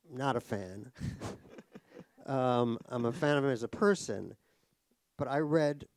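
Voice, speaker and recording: A middle-aged author from New York, USA, speaks casually on stage at a cultural center event hall, joking wryly about himself with plenty of restarts. His voice is mid-range, a little mellow, with vocal fry and no echo.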